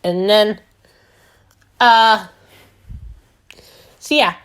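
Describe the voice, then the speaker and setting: Slow, rambling woman host. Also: mid-range voice, fairly bright tone, clean tone. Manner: rambling and silly, with lots of filler sounds. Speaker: gaming channel host. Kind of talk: playful game recap narration.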